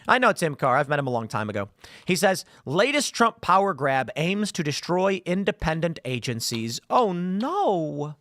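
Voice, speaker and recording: A man hosts a political commentary show, delivering a sarcastic, mocking monologue. His fairly high, slightly bright voice swings widely in pitch at a moderate pace. The studio sound is clean, with no room sound.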